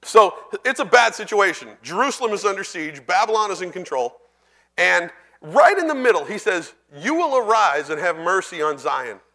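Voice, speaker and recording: A high, bright male voice preaches a sermon in a church. He speaks conversationally and turns to his congregation with questions. He slows down to read scripture. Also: big pitch swings. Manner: reads scripture slowly and deliberately.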